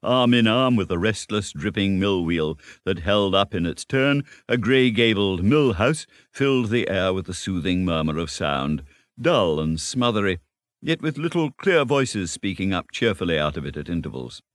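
Man narrating a storybook, low voice, lots of pitch movement, dry close sound. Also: lively intonation, moderate pace, dry recording. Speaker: audiobook reader.

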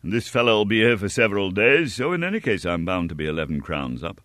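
A man's voice: deep voice, very animated, fast talker, fairly bright tone, no room sound, studio quality. A man voicing a greedy, scheming male innkeeper who mutters slyly in an audiobook story.

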